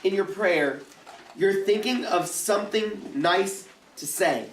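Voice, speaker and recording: This youth pastor's voice sits high and moves at a slow pace as he gives a casual, joking sermon, playing out prayers in funny voices. The distant mic in the echoey church youth room also picks up a little hiss or hum.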